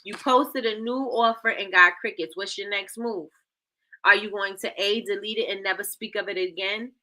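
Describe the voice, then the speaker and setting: Woman livestream host, bright tone, playful, repetitive, chatty with her viewers. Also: mid-range voice, steady tone, moderate pace. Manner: playful, repeats herself, addresses chat as y'all. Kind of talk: casual livestream coaching.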